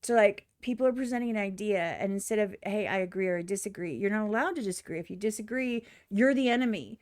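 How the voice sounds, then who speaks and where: A woman's voice: mid-range voice, quick pace, a little mellow, dry recording, studio quality. A woman streamer giving blunt, profane reaction commentary on a music video, often mimicking other people in exaggerated voices.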